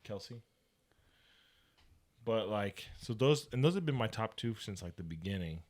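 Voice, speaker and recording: Low-voiced man chatting casually. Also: lively intonation, moderate pace, a little mellow. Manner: rambling, lots of fillers, acts out quotes in a mock girly voice. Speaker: podcast co-host. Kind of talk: casual chat.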